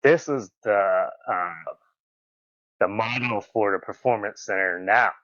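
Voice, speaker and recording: A man, a podcast guest telling stories in a casual interview. He is animated, acts out quoted lines in a raised voice and laughs often. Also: on the low side, measured pace, a little hiss or hum. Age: 40s. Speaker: podcast guest, former wrestler. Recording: dull, slightly muffled audio.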